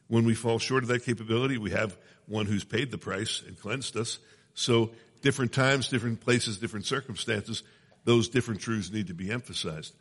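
Low-voiced man preaching in an echoey hall. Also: fairly bright tone, breathy edge. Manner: conversational, checks in with the audience often. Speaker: pastor. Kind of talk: sermon.

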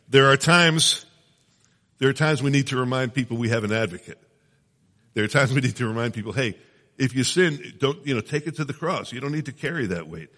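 A man's voice: mid-range voice, fairly bright tone, long reverb tail. A man preaching a sermon in a conversational teaching manner, often checking in with his listeners. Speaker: pastor.

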